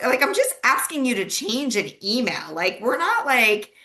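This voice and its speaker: A woman's voice: on the high side, big pitch swings, normal speed, sharp tone. A woman hosting a casual chat, talking in a chatty way full of filler phrases. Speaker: host.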